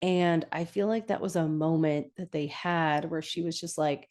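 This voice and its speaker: A woman's voice: low voice, steady tone, moderate pace, few pauses, darkish tone. A woman hosting a podcast, chatting casually through an episode recap and correcting herself as she goes. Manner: chatty, self-correcting, laughs often. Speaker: podcast host.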